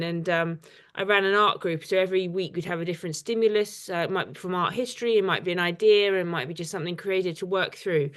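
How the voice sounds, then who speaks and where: A woman's voice: fairly low pitch, a bit bright, clean tone. Chatty woman teaching with many fillers. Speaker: artist leading a poetry workshop. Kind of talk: informal workshop teaching.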